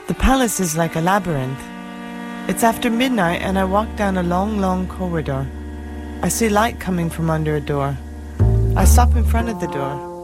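A woman's voice: on the low side, natural voice. A woman as dreamy Jane, over music. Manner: wondering, storytelling.

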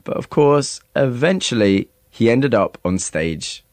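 A man who interviews the guest and narrates the story in a measured, scripted way. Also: mid-range voice, animated, dry recording.

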